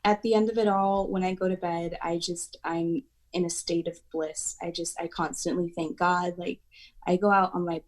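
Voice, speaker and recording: A woman's voice: on the low side, flat delivery, moderate pace, darkish tone. A woman guest on an acting podcast, talking in a heartfelt, emotional way. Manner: emotional, heartfelt, speaks of near tears. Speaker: podcast guest, aspiring actor. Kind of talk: casual chat.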